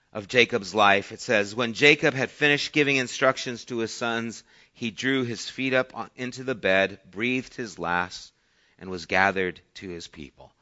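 A man preaching a sermon who reads scripture aloud and explains it conversationally, swinging between soft asides and emphatic points. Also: medium pitch, lo-fi sound. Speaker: pastor.

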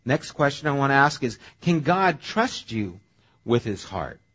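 A male pastor preaching a sermon in a conversational, animated way. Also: medium pitch, measured pace, breathy edge, highs cut off.

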